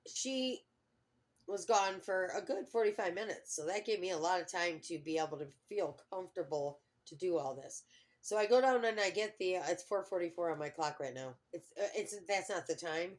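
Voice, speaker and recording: A woman's voice: lowish voice, lively intonation, normal speed. A middle-aged woman vlogging in a rambling, casual storytelling way, full of fillers and restarts.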